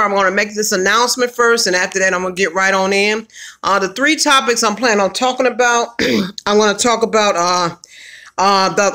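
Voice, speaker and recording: Bright-voiced woman hosting a chatty livestream. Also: medium pitch. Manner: upbeat, greets viewers by name, slangy. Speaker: livestream host. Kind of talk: casual livestream chat.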